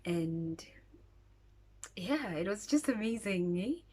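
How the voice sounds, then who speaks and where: A woman's voice: medium pitch, expressive, takes it slowly, a little mellow. A woman with a South African accent telling a storytime vlog in a chatty way, dropping into whispered asides. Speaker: YouTuber.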